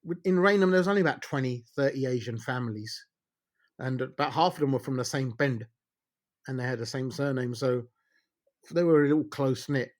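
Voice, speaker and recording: A man's voice: mid-range voice, a little fast. A man in his forties with an Essex accent, a solicitor telling jokey stories as a podcast guest, with many fillers and restarts. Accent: Essex English. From England. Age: 40s. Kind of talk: casual podcast interview.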